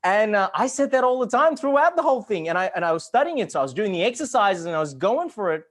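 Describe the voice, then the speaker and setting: Appearing as a guest at an online summit over a video call, a man earnestly tells a personal story. He talks fast in a high-sitting voice, swears now and then, and gets animated when excited.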